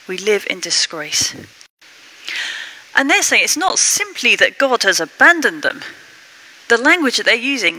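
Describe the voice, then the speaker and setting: Bright-voiced woman curate preaching. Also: low-quality recording. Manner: expressive, acts out the quotes with rising pitch. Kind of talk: sermon.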